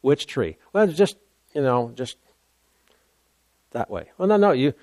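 A man preaching a sermon, emphatic and repetitive, pausing to stress his points. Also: mid-range voice, very animated, a little mellow, no room sound.

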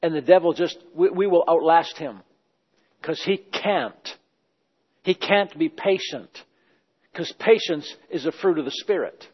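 A man's voice: a little high, a little slow, slightly rough. Emphatic man preaching in an echoey hall. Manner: emphatic, repeating phrases in praise. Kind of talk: sermon. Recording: dull, echoey hall sound.

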